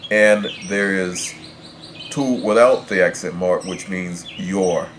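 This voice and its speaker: Man, very low voice, slow unhurried pace, language teacher explaining grammar. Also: slight background noise. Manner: measured, stops and restarts to pick words. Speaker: Spanish teacher.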